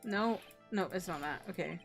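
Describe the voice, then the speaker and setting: A woman's voice: lowish voice, normal speed, creaky, faint music behind. A woman streamer giving playful, wry commentary while playing a game. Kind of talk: casual gameplay commentary.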